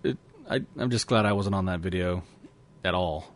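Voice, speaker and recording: A man's voice: sits low, normal speed. A man co-hosting a casual podcast, laughing often and rambling through stories. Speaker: podcast co-host.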